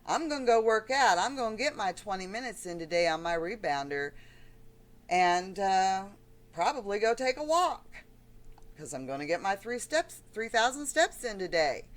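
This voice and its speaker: A woman's voice: medium pitch, very animated, moderate pace. Ranting, emotional woman vlogger. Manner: emotional, blunt, rambling. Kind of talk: ranting vlog monologue.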